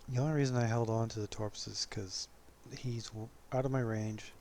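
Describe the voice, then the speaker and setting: A man giving relaxed, casual commentary over his own gameplay footage, chuckling often and poking fun at himself. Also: mid-range voice, moderate pace, a little hiss or hum.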